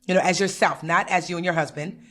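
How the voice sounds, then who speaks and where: A woman co-hosting a podcast who gives casual financial advice and acts out her own inner thoughts with lively quoted asides. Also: on the low side, fast talker.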